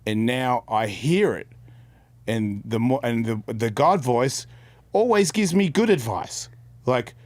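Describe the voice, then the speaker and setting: Expressive yet slow, with a medium pitch and darkish tone, a middle-aged man co-hosts a podcast with no room sound. His personal story is candid, earnest, and rambling in a casual way, marked by words repeated and restarted mid-sentence.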